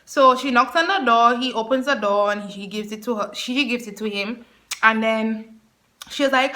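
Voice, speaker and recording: A young woman telling a personal story to her camera, chatty and animated, breaking into laughter often. Her voice sits high and sounds bright and clear. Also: normal speed. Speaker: vlogger. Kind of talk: storytime vlog.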